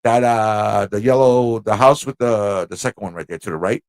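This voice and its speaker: Hailing from Corona, Queens, New York, the livestream host speaks in a smooth, fairly low voice at a moderate pace, with a New York accent. He tells his story in a casual, lively way, acting out voices and frequently laughing, and no room sound is audible.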